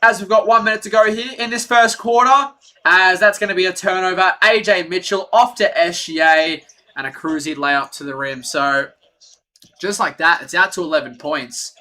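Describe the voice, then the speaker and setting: Excitable partisan fan commentator, man. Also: high voice, normal speed. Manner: partisan, excitable, rants at referees. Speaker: fan play-by-play streamer.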